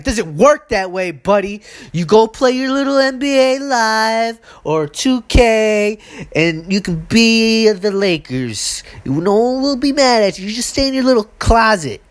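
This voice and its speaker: A woman hosting her own podcast, delivering a heated, exasperated solo rant with profanity and sudden high outbursts. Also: lively intonation, unhurried. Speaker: podcast host. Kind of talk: solo ranting monologue.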